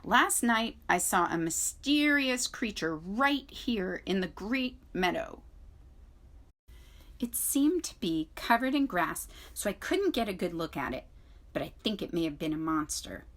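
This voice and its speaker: A woman's voice: mid-range voice, expressive, a little slow, a bit bright. A woman voicing a pompous male owl who announces news to a crowd of animals, reading a children's book aloud. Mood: announcing. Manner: raised, announcing, screeches when alarmed. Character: pompous male owl, alarmed town crier.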